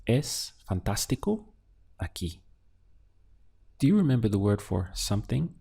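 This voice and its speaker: A man teaching useful phrases in a slow, clear lesson, giving prompts and then the model answers. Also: fairly low pitch, very animated, warm tone. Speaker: language teacher. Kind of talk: audio language lesson.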